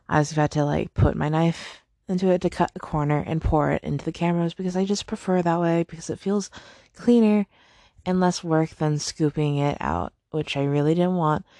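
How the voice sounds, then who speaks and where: A woman's voice: low-pitched, a little mellow, dry recording, clean studio sound. A young woman hosting a casual podcast, ranting about her week in a chatty, frustrated way, full of "like" and sighs. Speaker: podcast host. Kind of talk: casual personal rant.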